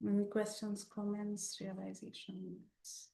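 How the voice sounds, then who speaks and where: A woman teacher telling a scripture story to a class, animated and with frequent fillers. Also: medium pitch, slow, gravelly. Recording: roomy echo.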